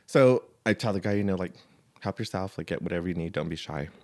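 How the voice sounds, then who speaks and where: A man's voice: deep voice, fast talker. A man on a casual podcast, heatedly retelling a story with swearing, saying he is still shaky. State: shaky, worked up. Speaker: podcast co-host.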